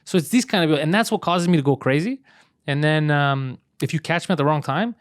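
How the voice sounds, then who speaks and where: A man's voice: on the high side, brisk, no echo, clean studio sound. A man hosting a comedy podcast, ranting with heavy swearing and heated storytelling in a casual, comedic way.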